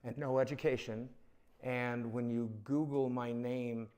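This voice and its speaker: A man's voice: medium pitch, flat delivery, measured pace, dark tone, clean tone. A man in a documentary interview, talking about himself in a matter-of-fact, self-deprecating way. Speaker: job-seeking interviewee.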